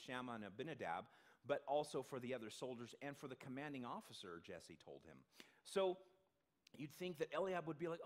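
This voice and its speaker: A male pastor delivering a sermon in a conversational way, asking the congregation questions and acting out the voices he quotes. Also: mid-range voice. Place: church sanctuary.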